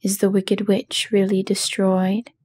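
A woman's voice: medium pitch, monotone, slow pace, a little mellow, a little hiss or hum, close to an everyday voice. A woman voicing a timid little old man who poses as a wizard, meek and trembling, in whispered role-play.

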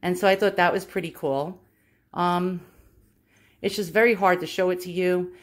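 A woman's voice: fairly low pitch, steady tone, normal speed. A woman with a New York accent chatting casually while showing an antique doll, filming on a phone held in one hand at home, laughing at herself as she goes. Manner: chatty, self-deprecating, laughs often. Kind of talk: casual show-and-tell. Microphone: handheld phone camera.

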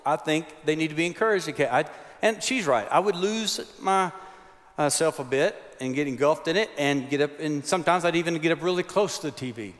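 A man's voice: on the high side, lively intonation, brisk, fairly bright tone. Guy in his 60s preaching, funny folksy stories, big echoey hall. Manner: folksy, humorous storytelling. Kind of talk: chapel sermon. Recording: long hall reverb.

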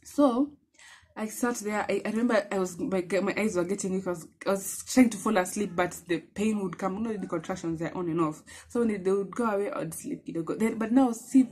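A woman's voice: medium pitch, brisk, slight background noise. Kenyan woman telling a story. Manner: animated, emphatic, mixes in Swahili phrases. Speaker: vlogger. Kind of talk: personal storytelling vlog.

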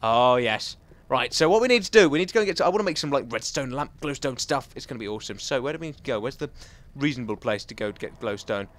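A young man giving let's play commentary, self-mocking with sudden excited outbursts. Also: mid-range voice, quick pace. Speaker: gaming channel host. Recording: faint game music behind.

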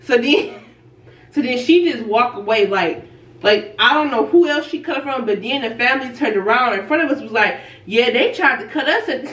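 A woman's voice: fairly high pitch, normal speed. Woman telling a story, laughing, far in a roomy space. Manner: animated, laughs while telling, acts out quoted voices. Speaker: vlogger. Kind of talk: casual storytelling. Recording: roomy and a bit distant from the mic.

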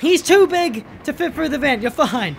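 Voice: high-pitched, expressive, normal speed, vocal fry. Gamer swearing through a horror playthrough. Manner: profane, exasperated running commentary; yells at the game in bursts. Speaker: let's play gamer. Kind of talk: live gameplay commentary.

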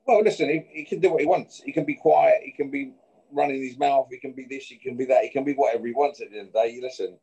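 Speaking fast with vocal fry, a man with a medium-pitched, dark, husky voice issues a boxer's challenge in an interview. He's confrontational trash talk all the way, repeating "yeah?" after each point, and the highs are cut off.

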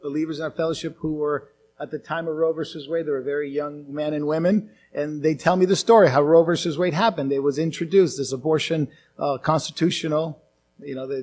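Animated man preaching at a conference. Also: on the high side. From outside the US. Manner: animated preaching with mocking quoted voices. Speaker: pastor. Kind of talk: conference sermon.

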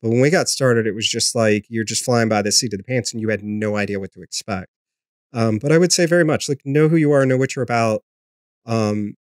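A man's voice: medium pitch, no room sound, studio quality. A man, a podcast host, answering questions in a casual, rambling way, with lots of ums and restarts. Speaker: podcast host being interviewed. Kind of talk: casual conversational interview.

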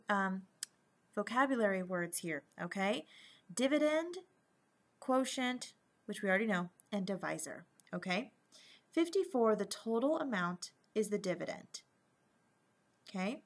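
In a recorded math lesson, a woman with a mid-range voice teaches patiently, often checking in with "okay?" and slowing down to stress key terms.

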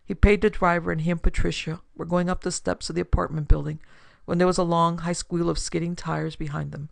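A woman's voice: lowish voice, steady tone, brisk, creaky, dry recording. A woman narrating a classic pulp detective story with dramatic storytelling for her podcast. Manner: dramatic storytelling, builds force in action scenes.

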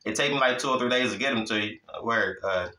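A man's voice: mid-range voice, quick pace, sharp tone, echoey room, low-quality recording. A man giving an informal Bible teaching, preaching in a casual way, often asking "you hear me?" and chuckling. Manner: repeats "you hear me?" and "listen to me", chuckling, conversational.

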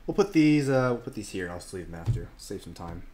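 A man's voice: lowish voice, fairly quick. A man hosting a casual card break stream, joking around and chatting while opening packs. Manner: joking, animated, laughs often. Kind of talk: casual livestream commentary.

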